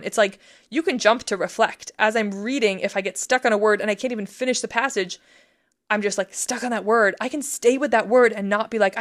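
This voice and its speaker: A woman's voice: medium pitch, a bit bright. A woman co-hosting a casual faith podcast, explaining step by step in an earnest, chatty way full of "like"s. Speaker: podcast co-host teaching prayer practice.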